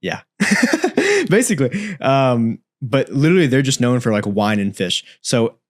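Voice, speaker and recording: A man's voice: medium pitch, very animated, a little slow, no echo, clean studio sound. A young man as a podcast guest in casual chat, easygoing and earnest, laughing often. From United States, Italian family. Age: young adult.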